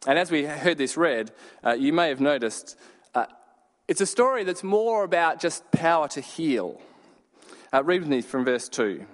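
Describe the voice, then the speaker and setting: Animated preacher in a reverberant hall. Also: male voice, fairly high pitch. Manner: storytelling with shouted bursts and dramatic pauses. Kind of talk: sermon.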